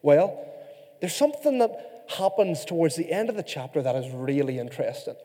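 A man with an Irish accent preaching a sermon as a pastor, reading scripture slowly and then rallying the congregation with humor. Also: on the high side, very animated, mellow. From Ireland. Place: church sanctuary. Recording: long hall reverb.

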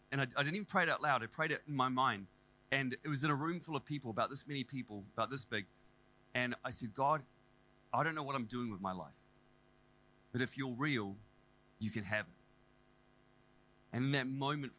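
Nz guy preaching his testimony, bright voice, chatty and animated. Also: mid-range voice. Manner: casual, animated, self-deprecating storytelling. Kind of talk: sermon testimony. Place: church service.

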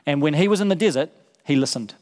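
Male pastor, sermon delivery, earnest and repetitive for emphasis, somewhat high pitch, reverberant hall. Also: lively intonation, fast talker, a little mellow. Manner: earnest, repeats words for emphasis.

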